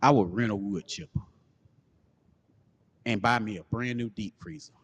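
A man co-hosting a casual comedic podcast, telling animated stories and slipping into low, breathy put-on voices. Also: moderate pace, in a large hall. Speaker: podcast co-host.

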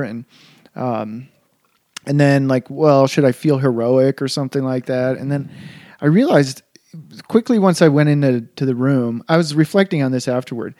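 A man's voice: mid-range voice, moderate pace, warm tone, no room sound, studio quality. A man, a Catholic priest, telling stories in an earnest, reflective casual conversation.

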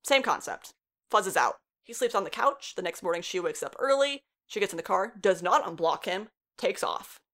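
A woman's voice: mid-range voice, expressive, moderate pace, a bit bright. Twenty-something woman recapping a plot, super casual, swears a lot and laughs along. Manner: chatty, swears freely, laughs often. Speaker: show reviewer.

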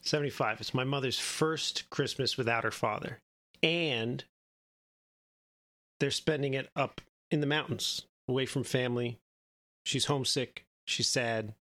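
A man co-hosting a podcast tells a long story in a casual, rambling way, his mid-range voice unhurried but sharp in tone. He keeps checking in with listeners by tacking on "right?" as he goes.

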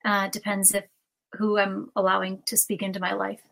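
A woman co-hosting a casual faith-based podcast chat, animated and prone to repeating phrases, laughing often. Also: medium pitch, moderate pace, creaky. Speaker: podcast co-host.

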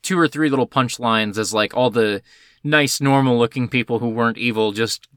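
Podcast co-host, male, bright tone, dry close sound, rambling and excited. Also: mid-range voice, normal speed, clear, resonant tone, no room sound. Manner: rambling, excited, many fillers. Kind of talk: casual film discussion.

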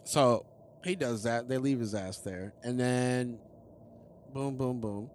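A man's voice: mid-range voice, takes it slowly, a little mellow, slight background noise. A man casually and profanely recapping a film, rambling and acting out the characters' lines. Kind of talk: casual movie-recap chat.

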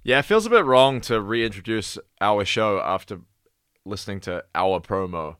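A man co-hosting a podcast, bantering quickly and joking with some swearing. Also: fairly low pitch, lively intonation, fairly bright tone, clean tone, faint music behind. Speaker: podcast co-host. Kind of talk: casual chat.

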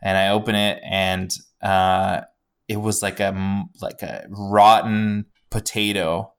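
A man's voice: deep voice, little pitch movement, slow pace, vocal fry, clean tone. A man co-hosting a podcast, telling a rambling story in casual chat and swearing often. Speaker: podcast co-host.

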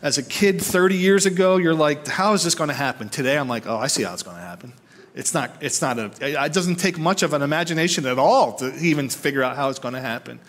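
A man's voice: a little high, fast, few pauses, fairly bright tone. A man in his forties preaching a sermon as pastor at a church service, talking earnestly to the congregation and building to fervent emphasis.

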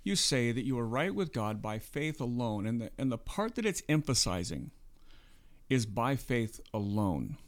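A man's voice: mid-range voice, very animated, moderate pace. A man co-hosting a podcast, talking through faith in a casual, earnest way and often checking in with "right?". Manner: earnest, explaining with frequent "right?". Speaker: podcast co-host.

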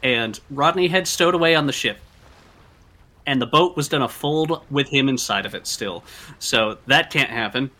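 A man narrating a tabletop game as game master, in a relaxed way with frequent fillers. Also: medium pitch, normal speed.

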